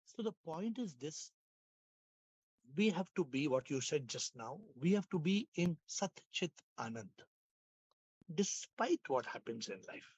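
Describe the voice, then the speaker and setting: A hoarse man, leading a spiritual class over a video call, playful and laughing, with lots of repetition. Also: a little high, very animated, a little slow, no room sound. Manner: playful, laughing, repeats phrases, asks questions. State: hoarse, lost his voice. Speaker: spiritual teacher hosting an online class. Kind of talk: casual spiritual class talk.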